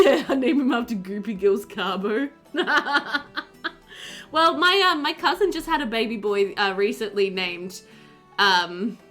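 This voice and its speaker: With a fairly high, fairly bright voice, a young woman streamer chats casually with her viewers. She's giggly and talkative, reads their messages aloud, and laughs frequently.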